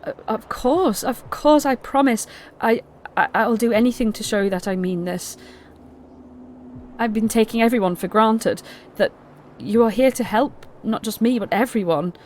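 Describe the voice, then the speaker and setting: A woman's voice: fairly high pitch, slight background noise, lightly acted. Woman voicing a stammering remorseful girl. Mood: pleading. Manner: stammering, halting. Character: remorseful young woman, apologetic and earnest.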